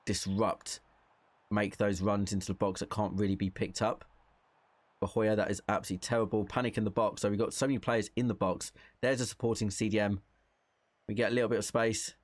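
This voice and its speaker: A man's voice: lowish voice, level tone, fairly quick, dry recording. A young man giving casual gameplay commentary, thinking aloud in a chatty way and reacting to the play as it happens. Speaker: gaming content creator.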